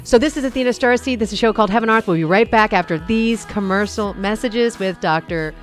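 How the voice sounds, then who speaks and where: A woman hosting a radio talk show, gentle and earnest as she goes to a break. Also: mid-range voice, fairly quick, faint music behind. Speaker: host.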